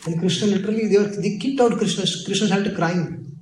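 A man telling devotional stories in an animated sermon. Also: sits high, a little fast. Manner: animated, switching into Hindi and acted voices. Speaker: preacher. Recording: echoey hall, voice off mic, faint music.

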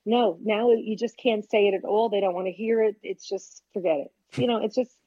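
A woman's voice: medium pitch, fairly quick, warm tone, slightly rough. An older woman stand-up comic trading brash stories and punchlines in a casual interview. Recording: dull lo-fi sound.

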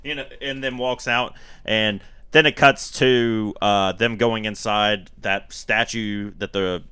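A man with a bright, forceful voice recaps a horror movie for his friends, full of energy and quick to laugh. The sound is dry and close, with almost no room around it. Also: on the low side, smooth, no echo. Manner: animated storyteller, acts out quotes in silly voices, laughs often. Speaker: podcast co-host. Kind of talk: casual movie recap chat.

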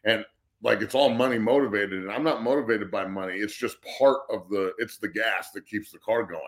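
A middle-aged man with a lowish voice holds forth in heated sports talk. He is blunt and profane and rants on without letting up. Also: a little fast. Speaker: guest co-host.

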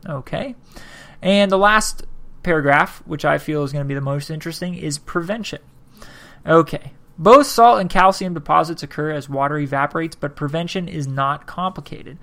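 A man's voice: a little high, a bit bright. A man hosting a casual podcast, reading articles aloud and breaking off for rambling, sarcastic asides. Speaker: podcast host.

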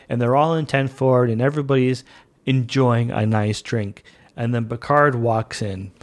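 A male podcast host talking casually and enthusiastically as a fan. His voice sits in a middle register, and he rambles along in a chatty way. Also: mid-range voice. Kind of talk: casual monologue.

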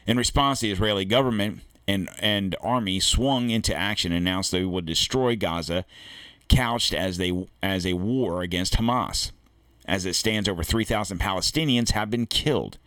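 A deep-voiced American man hosts a political commentary podcast. He reads an article aloud and stops to add blunt, cursing asides of his own. The sound is dry and close. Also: moderate pace, a bit bright, clean tone, no echo. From United States. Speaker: podcast host. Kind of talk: opinionated commentary reading an article.

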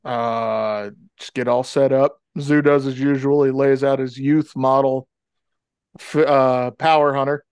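Smooth-voiced man in his thirties. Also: medium pitch, steady tone, measured pace, darkish tone, dry recording. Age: 30s. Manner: laid-back, joking. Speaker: podcast guest, storyteller. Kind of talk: casual storytelling chat.

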